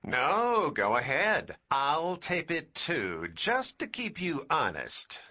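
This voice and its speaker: A man's voice: fairly high pitch, wildly swooping pitch, takes it slowly, highs cut off, heavily acted. A man voicing an impatient, peremptory big-city newspaper editor. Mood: curt impatient. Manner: peremptory, brusque.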